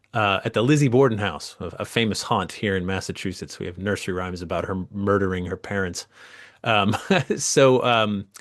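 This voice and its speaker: Lively New storyteller, low voice. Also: male voice. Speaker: guest author. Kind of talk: casual interview chat.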